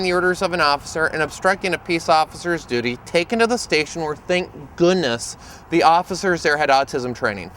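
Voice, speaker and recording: Male autism educator, fairly high voice, playful storyteller, faint background noise outside. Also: a little fast. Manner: humorous, lively storyteller. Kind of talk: storytelling presentation to camera.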